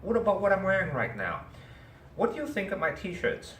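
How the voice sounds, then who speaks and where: His voice sits high and his pace is normal as this man animatedly teaches, narrating a story and questioning his class. The recording has a distant mic, an echoey room, faint ambience, and a bit of background noise.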